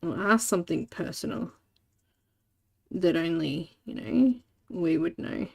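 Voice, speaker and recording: A woman's voice: mid-range voice, big pitch swings, measured pace, creaky, slightly rough. A woman hosting a live coloring stream, chatting casually and telling stories with frequent laughs. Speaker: livestream host. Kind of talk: casual chat while coloring.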